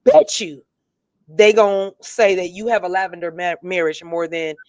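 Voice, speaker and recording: A woman's voice: fairly low pitch, steady tone, a little mellow, clean tone, no room sound. Sassy blunt woman in a dry room. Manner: sassy, blunt, drawn-out emphatic repeats. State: tipsy, has been drinking. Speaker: co-host. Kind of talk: casual gossip commentary.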